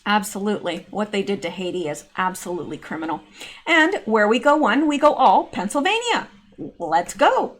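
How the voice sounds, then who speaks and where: A woman's voice: mid-range voice, big pitch swings, normal speed. A middle-aged woman hosting casual video commentary, chatty and full of rambling asides. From Canada. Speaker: channel host.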